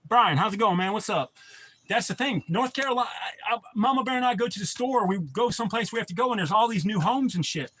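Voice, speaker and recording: A laid-back man, chatting loosely on a livestream. He rambles and swears easily, and his voice sits a little higher than most men's. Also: expressive, fast talker, fairly bright tone, a little hiss or hum. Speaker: livestream host. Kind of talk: casual chat reading viewer comments.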